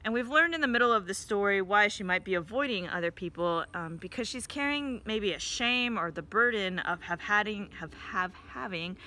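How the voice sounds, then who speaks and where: A woman leads a church devotional with a very bright, keen-edged voice. She talks in a relaxed, conversational way and often tosses in "right?" as she goes. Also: mid-range voice, normal speed, hardly any pauses. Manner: conversational, questioning, frequent "right?" and "kind of" hedging. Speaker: devotional leader. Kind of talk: informal devotional talk.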